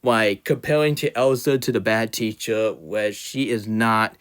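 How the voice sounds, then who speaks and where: A man's voice: lowish voice, a little slow, fairly bright tone, clear, resonant tone. A young man delivering an unscripted, heated fan rant, insulting his target and often stumbling and restarting mid-sentence. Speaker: fan ranter. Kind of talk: unscripted ranting commentary.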